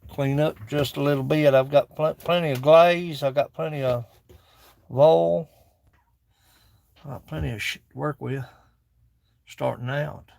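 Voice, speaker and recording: A man's voice: on the high side, steady tone, unhurried, gravelly, pauses often, a little mellow. A man with a drawl, chatting in a folksy, joking way while tidying his workshop. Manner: folksy, joking, talks to viewers and objects. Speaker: woodworking vlogger. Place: cluttered home workshop.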